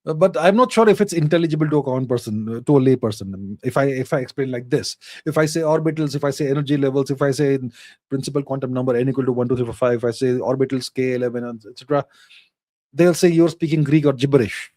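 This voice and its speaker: A man's voice: medium pitch, fast, a little mellow, no room sound, studio quality. A middle-aged man hosting a casual live Q&A, answering viewer questions in an emphatic, lecturing way and repeating phrases for stress.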